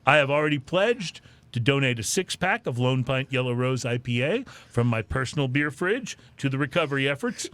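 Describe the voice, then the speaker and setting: A man hosting a podcast, reading drinking news with deadpan jokes. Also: mid-range voice, fairly quick. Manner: animated, deadpan joking delivery. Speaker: podcast host.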